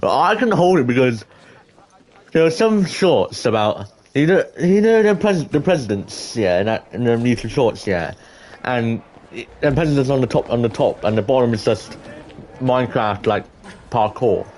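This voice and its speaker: A teenage boy telling a school story to camera in an excitable, rambling way, full of restarts and exclamations. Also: medium pitch, normal speed, a little hiss or hum. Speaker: vlogger.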